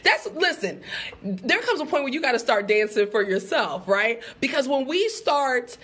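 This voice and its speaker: A woman with a high voice giving a live-stream pep talk. She speaks with emphatic, animated delivery and talks straight to her viewers, breaking into quick laughs. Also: slightly rough.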